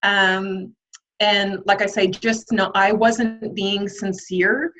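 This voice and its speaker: A woman's voice: medium pitch, fairly even intonation, slow pace, fairly bright tone, a little hiss or hum, rough recording. A woman guest on a podcast interview, speaking candidly and reflectively, with frequent ums and light laughter.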